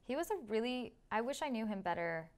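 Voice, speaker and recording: A young woman guest in a casual interview, chatty and animated, laughing often as she tells stories. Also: a little high, a little fast.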